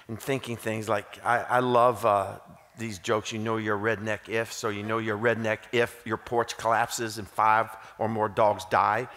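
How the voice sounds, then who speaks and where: His lowish, somewhat bright voice fills a church auditorium with long hall reverb. He's a Southern-accented Kentuckian guest-preaching a sermon, joking and telling self-deprecating stories along the way.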